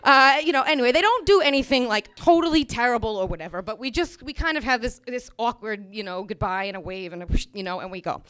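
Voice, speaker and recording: A woman with a somewhat high voice tells a comic personal story to a live crowd at a small bar venue. She is animated and wry and keeps tossing in "you know" as she goes. Her voice comes through a stage microphone. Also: fast talker, few pauses, clear, resonant tone.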